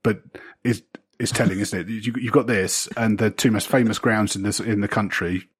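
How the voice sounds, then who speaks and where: A man with a deep, husky voice co-hosts a casual football chat. He muses wryly and often lets his sentences trail away. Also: steady tone, moderate pace. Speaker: podcast co-host.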